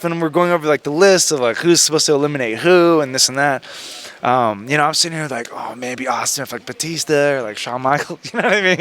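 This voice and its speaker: Brief: male interview guest, high-ish bright voice, animated storyteller who mimics others. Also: clean tone.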